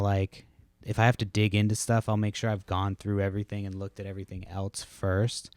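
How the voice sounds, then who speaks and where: Podcast host, male, low voice, dry close sound, rambling and profane, casual at-home delivery. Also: darkish tone, no room sound. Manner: rambling, profane, laid-back storytelling.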